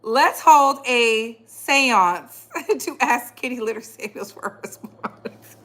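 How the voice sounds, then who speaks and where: A woman's voice: a little high, takes it slowly, sharp tone. A woman hosting a casual live stream, chatting with viewers and laughing often and heavily, with slangy speech. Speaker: livestream host. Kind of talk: casual live chat commentary.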